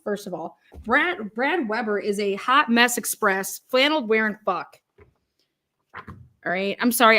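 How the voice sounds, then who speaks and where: A woman's voice: a little high, expressive, unhurried, pushed and bright. A woman from Ohio hosting a live stream, ranting angrily with profanity and frequent restarts, and reading viewer comments aloud. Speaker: livestream host.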